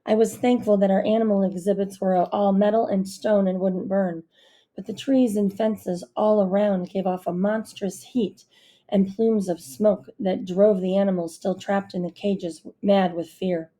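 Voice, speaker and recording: A woman reading a novel aloud as narrator in a steady storytelling manner. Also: mid-range voice, measured pace. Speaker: audiobook narrator. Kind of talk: scripted narration.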